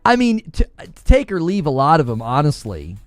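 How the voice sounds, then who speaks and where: A man's voice: on the high side, wildly swooping pitch, moderate pace, no echo, faint music behind. A man hosting a gaming news show, chatting casually and sarcastically, laughing often as he mocks online insults. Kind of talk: casual commentary.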